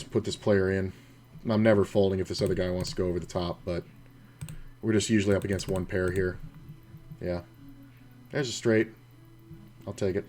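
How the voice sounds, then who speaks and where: Low-voiced man thinking aloud, casually profane. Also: darkish tone, a little hiss or hum. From United States. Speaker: poker streamer. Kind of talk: casual commentary while playing online poker.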